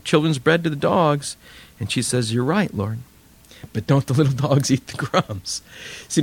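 A man preaching a sermon, retelling Bible stories with lively voices for the characters and frequent laughs. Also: medium pitch. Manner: animated storytelling, acting out biblical characters with laughs.

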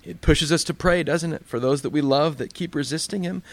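A man preaching a sermon in a relaxed, conversational way, telling stories to make his point. His voice sits a little high for a man. The sound is dry and close, with little room echo. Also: a little fast. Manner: conversational, plainspoken storytelling. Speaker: pastor.

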